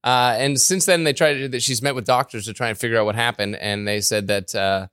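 A man's voice: mid-range voice, steady tone, a little fast, fairly bright tone, clean tone, no room sound. Chatty man with a dry studio sound. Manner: loose, chatty, many fillers and laughs. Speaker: radio host. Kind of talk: casual talk-show chat.

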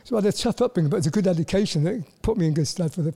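Welsh man, 60s, high mellow voice, halting and self-deprecating, keeps repeating words. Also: animated. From Wales. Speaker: guest, former footballer. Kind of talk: casual interview chat.

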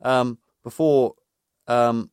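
A man's voice: mid-range voice, steady tone, drawn-out words, clean tone, no room sound, studio quality. A man co-hosting a casual football podcast, reading from notes and recounting old match details. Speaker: podcast co-host.

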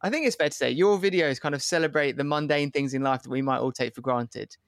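A man's voice: medium pitch, fast, clear, resonant tone, no echo, studio quality. A man interviewing a guest, asking conversational questions and moving the talk along. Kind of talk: podcast interview.

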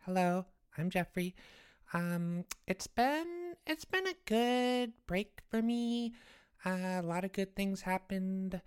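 A woman voicing Jeffrey, a scatterbrained, excitable young boy who rambles as a comedy podcast co-host. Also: mid-range voice, slow pace, clean tone. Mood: rambling. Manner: scatterbrained, rambling, easily sidetracked.

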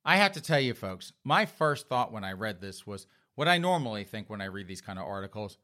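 A man's voice: lowish voice, sing-song, fairly quick, hardly any pauses, bright, forceful tone. A man hosting an opinion commentary monologue, mocking and sarcastic, repeatedly addressing his listeners directly. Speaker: commentary host.

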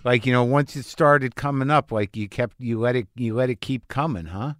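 A man's voice: mid-range voice, moderate pace. A man hosting a podcast, talking frankly and reflectively in a casual interview, swearing now and then. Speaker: podcast host.

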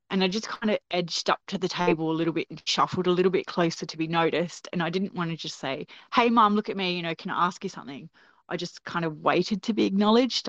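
Woman guest, lower voice, lively storyteller, dull lo-fi sound. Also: no echo. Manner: animated, acts out quoted voices, laughs often. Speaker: guest telling a personal story. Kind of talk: casual spoken storytelling. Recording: dull, dry lo-fi recording.

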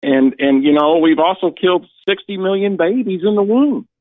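A man's voice: high-pitched, moderate pace, no room sound. A man calling in to a talk radio show, speaking with earnest, emotional, preacher-like fervor. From Indiana. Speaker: caller. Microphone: phone. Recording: tinny phone line, dry.

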